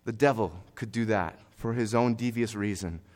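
A young man preaching a sermon, earnest and conversational with fillers, building to forceful exhortation. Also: on the low side, moderate pace.

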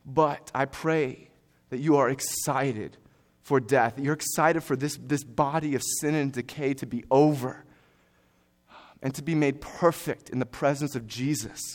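A man's voice: mid-range voice, a little slow. Earnest young male preacher. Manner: earnest, rising to forceful exhortation; conversational asides with fillers. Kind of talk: sermon.

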